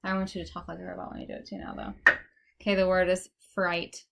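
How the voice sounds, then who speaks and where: A woman's voice: lowish voice, completely flat delivery, fast talker, gravelly. A young woman teaching a one-on-one phonics lesson, patient and encouraging, explaining step by step, recorded on a computer in an indoor room.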